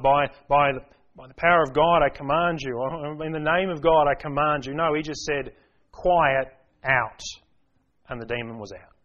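A man's voice: medium pitch, fairly bright tone. Earnest preacher man, lo-fi sermon. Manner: earnest, emphatic, explaining scripture verse by verse. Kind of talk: expository sermon. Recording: dull lo-fi recording.

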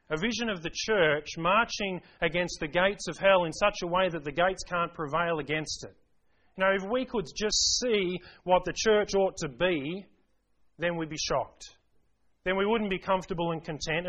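Male pastor, emphatic sermon delivery, slightly high voice, keeps quizzing the congregation. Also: moderate pace, a bit bright. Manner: earnest, emphatic, rhetorical questions to the congregation. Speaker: preacher.

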